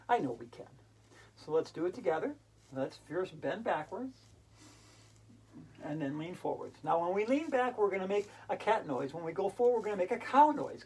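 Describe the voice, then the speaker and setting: A woman's voice: medium pitch, darkish tone, slightly rough, low-quality recording. A woman leading a playful hula hoop yoga class for kids, talking in a silly, enthusiastic, sing-song way. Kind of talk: playful instructional talk for kids.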